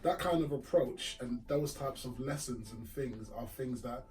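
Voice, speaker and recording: A man's voice: medium pitch, measured pace, darkish tone. A man appearing as a guest on a podcast, chatting casually and agreeing often with the host. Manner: agrees a lot, backchanneling "yeah, yeah, yeah". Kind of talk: casual conversation. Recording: distant mic with faint music.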